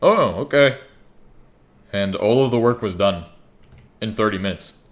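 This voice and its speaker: Rambling young man, lowish voice, gaming chat. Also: steady tone, moderate pace. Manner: rambling, joking, swears freely. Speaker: gaming YouTuber. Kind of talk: casual gameplay commentary.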